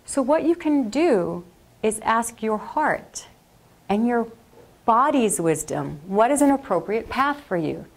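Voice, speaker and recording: Woman calmly guiding a meditation. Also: mid-range voice. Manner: slow, calm, soothing guidance. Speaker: workshop leader. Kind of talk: guided meditation. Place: classroom or workshop.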